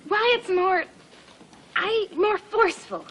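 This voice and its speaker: A woman's voice: very high-pitched, slow, background noise. An actress playing a giddy young woman in love, gushing and giggly, in an old film.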